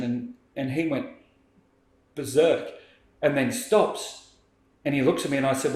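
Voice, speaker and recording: A man, a podcast guest telling a story in lively conversation and acting out what people said. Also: a little high, normal speed, pauses often. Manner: animated, acts out quoted speech. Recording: roomy echo.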